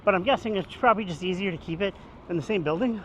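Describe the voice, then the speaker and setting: A man's voice: sits high, fast talker, fairly bright tone, a little hiss or hum. Chatty man vlogging on a walk. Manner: rambling, chatty, jokey. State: out of breath from walking. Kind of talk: casual walking vlog. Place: outdoors on a street walk. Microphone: handheld phone camera.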